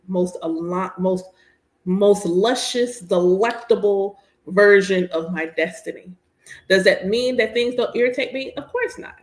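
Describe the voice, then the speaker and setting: An animated, candid woman in her thirties chats casually while she works, joking as she goes. Her voice sits at a middle pitch for a woman. The room around her is echoey. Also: vocal fry. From United States. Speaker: priestess and host. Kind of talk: casual chat while working.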